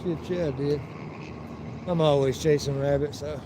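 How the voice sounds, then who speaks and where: A man's voice: a little high, steady tone, moderate pace, noisy background. Profane rambling man on an outdoor stream. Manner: profane, rambling storyteller who acts out quotes. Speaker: live-streaming vlogger. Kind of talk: casual live-stream vlog, walking outdoors. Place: outdoors by a river and town streets.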